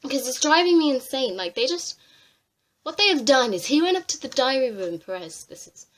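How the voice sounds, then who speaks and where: A young woman ranting to camera on a vlog, exasperated and swearing freely with animated outbursts. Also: high voice, fairly quick. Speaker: vlogger. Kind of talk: ranting commentary.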